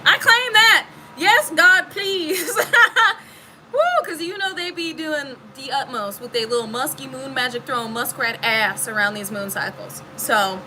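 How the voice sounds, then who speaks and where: A woman's voice: high voice, bright, forceful tone, slight background noise, low-quality recording. A woman giving a casual spiritual reading to her viewers, emphatic and preachy, swearing freely. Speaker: spiritual reader.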